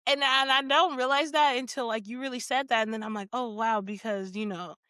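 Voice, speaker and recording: A woman hosting a podcast in casual chat, animated and laughing often, acting out little quotes. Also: fairly high pitch, brisk, clean tone, dry recording, studio quality. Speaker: podcast host.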